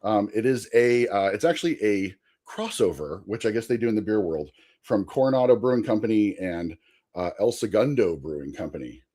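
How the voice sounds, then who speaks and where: Lively man rambling through a funny story. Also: lowish voice, fairly quick. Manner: animated, laughing, rambling anecdote. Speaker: podcast guest. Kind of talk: casual storytelling.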